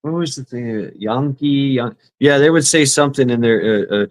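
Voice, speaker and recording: A man on a casual panel chat, talking in halting restarts with playful mimicry. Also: mid-range voice, no echo. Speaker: panel guest.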